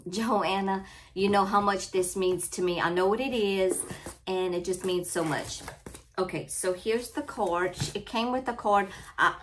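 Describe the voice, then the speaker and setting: A woman's voice: mid-range voice, fairly bright tone, slight background noise. A middle-aged woman with a Cajun Louisiana accent, chatting casually in an unboxing vlog, tearful and heartfelt, often apologizing. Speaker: crafting channel vlogger.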